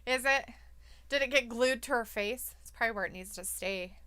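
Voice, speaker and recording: A woman's voice: a little high, brisk, bright, forceful tone, clean tone. A woman co-hosting a live wrestling watch-along, laughing often and reading viewer comments aloud. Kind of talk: casual live reaction chat.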